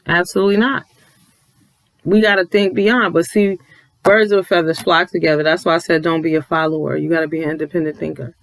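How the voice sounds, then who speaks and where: A man's voice: on the high side, gravelly, fairly bright tone, no room sound, rough recording. A man ranting to viewers from home late at night, emphatic and preachy, cursing and repeating himself for effect. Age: adult with a child. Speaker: commentary vlogger.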